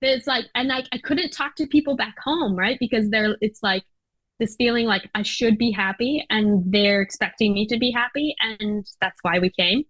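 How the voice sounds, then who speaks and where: A woman's voice: fairly high pitch, moderate pace, fairly bright tone, no echo, low-quality recording. A woman with an American accent, a podcast guest chatting casually with lots of fillers and little laughs. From United States. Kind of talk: casual interview chat.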